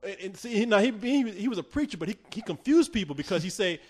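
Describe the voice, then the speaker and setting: Animated, profane male podcast host. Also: sits high, quick pace, breathy edge. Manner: profane, laughing, animated storytelling. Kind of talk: casual podcast chat.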